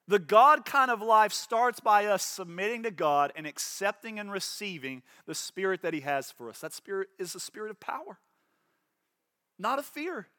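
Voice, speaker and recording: A man's voice: high voice, pushed and bright, no room sound, studio quality. A man preaching a sermon as pastor, impassioned, repeating words and acting out little voices.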